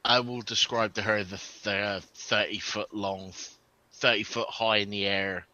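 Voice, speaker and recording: Casting: man as a casual player, slightly low, bright tone. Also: fairly even intonation, a little slow, muffled recording. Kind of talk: playing a tabletop game.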